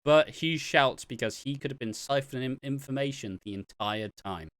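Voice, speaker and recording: A man's voice: mid-range voice, moderate pace, a bit bright, dry recording. A man co-hosting a podcast, recapping soap episodes in chatty, casual talk and often laughing. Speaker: podcast co-host.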